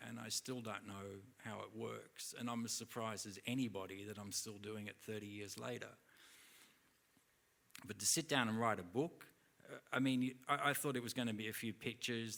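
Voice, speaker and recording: A man in middle age speaks on stage at a live interview, in a lowish, gravelly voice with a bright, forward edge. He tells loose, rambling stories and slips into the voices of the people in them. It is casual and conversational, with plenty of false starts. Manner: rambling anecdotes full of acted-out dialogue. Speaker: interview guest. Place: theatre stage at a live event.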